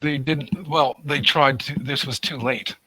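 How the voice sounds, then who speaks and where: A man's voice: mid-range voice, steady tone, unhurried, bright, forceful tone, slightly rough, dry recording. A man arguing angrily on a call, insisting he is right and swearing at his opponent. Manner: angry, insistent, profane. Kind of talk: heated online argument.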